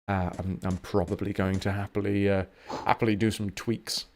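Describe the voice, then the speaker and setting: A man's voice: lowish voice, fairly even intonation, a little slow, creaky. Jokey man streaming a game. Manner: chatty, jokey, swears freely. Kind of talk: casual game commentary.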